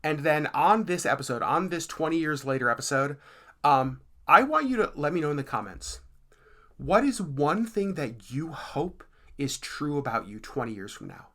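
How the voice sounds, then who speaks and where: A woman co-hosting a casual podcast, earnest and animated, who laughs easily. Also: low voice, moderate pace. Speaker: podcast co-host. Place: lives in Alaska.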